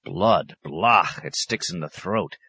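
A man's voice: sits low, lively intonation, slow pace, pushed and bright, husky, heavily acted. A man voicing a fussy, irritable male companion who complains in an exasperated way. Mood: grumbling.

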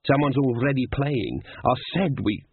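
A man voicing a gruff, impatient male band manager who talks bluntly, on a tinny recording. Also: mid-range voice, lively intonation, moderate pace. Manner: blunt curt bargaining. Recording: tinny lo-fi narrow sound.

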